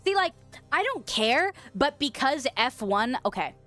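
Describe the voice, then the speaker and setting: A young woman from the western US chats loosely on a stream, reading out comments and cursing freely. Her voice sits a little high and swoops around with animated pitch. Soft music plays faintly underneath. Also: unhurried. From western United States. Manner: chatty, swears freely, laughs often. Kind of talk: casual chat reading viewer comments.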